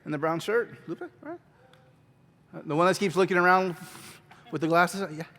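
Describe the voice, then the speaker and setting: A man leading a church skit class, coaxing volunteers in a lively way and laughing often. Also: high-pitched, normal speed, in a large hall. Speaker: drama workshop teacher. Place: church hall.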